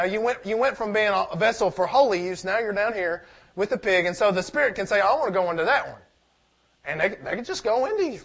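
A man's voice: sits high, a bit bright. A man preaching a sermon, reading scripture aloud and asking the congregation questions in a conversational way.

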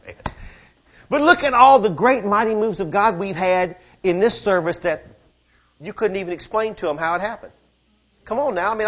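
High-voiced fervent male preacher. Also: fairly bright tone, muffled recording. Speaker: pastor. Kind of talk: sermon. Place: church service.

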